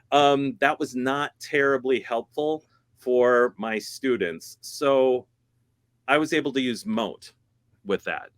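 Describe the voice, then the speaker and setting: A man's voice: mid-range voice, slow pace, a bit bright, no echo. A man who teaches music, chatting casually in a conference session, laughing often and correcting himself as he goes. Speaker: guest speaker, music teacher.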